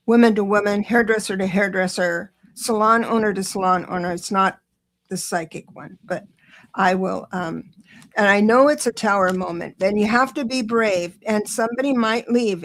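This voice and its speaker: A woman hosting a live-stream tarot reading, chatty and encouraging, talking quickly with many restarts. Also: medium pitch. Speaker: tarot reader and show host.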